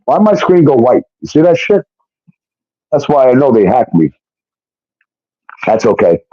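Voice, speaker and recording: Animated man, storytelling. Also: medium pitch, a little slow, no room sound. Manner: animated, acts out quoted voices, swears often. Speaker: show guest telling his story. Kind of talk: profane storytelling monologue. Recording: dull lo-fi stream audio.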